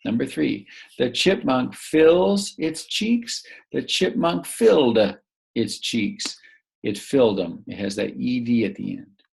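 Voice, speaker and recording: A man teaching a recorded grammar lesson to young children, patient and prompting them to pause and answer. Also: mid-range voice, lively intonation, gravelly, a little mellow, breathy edge.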